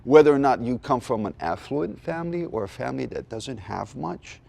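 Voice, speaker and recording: Gravelly man. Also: mid-range voice, expressive, a little fast, dark tone. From Hawaii. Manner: earnest, with self-deprecating jokes. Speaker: comedian guest. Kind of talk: candid testimony in a chat.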